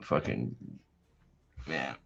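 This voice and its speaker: A man's voice: a bass voice, animated, drawn-out words, creaky, fairly bright tone, dull audio. A man hosting a livestream in casual chat, rambling and swearing heavily, often restarting his sentences. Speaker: livestream host.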